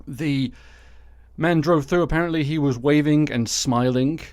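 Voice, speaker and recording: A man's voice: a little high, measured pace, darkish tone, no echo. Guy hosting a satirical news podcast, sarcastic dry jokes, close dry mic. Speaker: podcast host.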